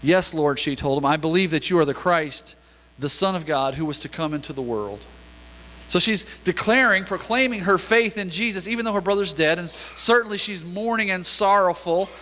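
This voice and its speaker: A man's voice: high-pitched, moderate pace, bright, forceful tone. A man preaching a sermon as pastor, reading scripture aloud and talking through it in a conversational way. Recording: long reverb of a church hall.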